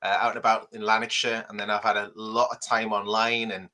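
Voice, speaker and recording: A man hosts a podcast with lively, upbeat patter. His voice is bright and forward, with a conversational ease. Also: on the low side, a little fast. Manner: upbeat, animated host patter. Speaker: podcast host. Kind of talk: casual podcast chat.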